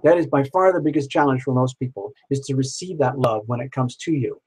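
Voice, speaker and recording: A man with a husky voice hosts a live tarot stream. He speaks softly and repeats reassuring affirmations to viewers, naming them as he goes. His pitch sits right in the middle of the range. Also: a little fast, poor audio. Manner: gentle, repetitive affirmations, addresses viewers by name.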